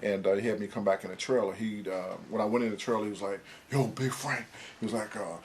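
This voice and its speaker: A man's voice: lowish voice, steady tone, fast talker, a little hiss or hum. A man in a documentary interview, telling an anecdote in a rambling way, full of uh and um. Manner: rambling storyteller, many fillers.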